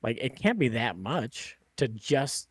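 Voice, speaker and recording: A man in casual podcast mode, rambling through stories with constant fillers and offhand swearing. His voice sits at an ordinary middle pitch. The sound is dry and close, with no room around it. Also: sing-song, slow pace, husky, no room sound. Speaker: podcast host.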